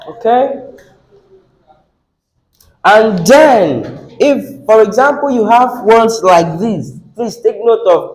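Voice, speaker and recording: A man's voice: a little high, a little mellow, low-quality recording. A man teaching an exam class, asking the students rhetorical questions and repeating words for emphasis. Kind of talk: classroom lecture.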